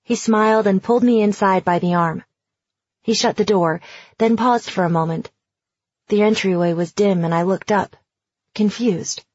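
A woman's voice: medium pitch, moderate pace, darkish tone, breathy edge, no echo. A woman narrating a first-person novel as an audiobook, in a wry, conversational reading. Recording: dry, slightly dull audio.

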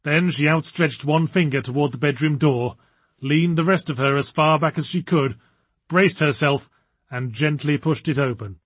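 A man reading a story aloud in measured, wry narration. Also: a little high, fairly bright tone, breathy edge, no echo. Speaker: audiobook narrator. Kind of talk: scripted narration.

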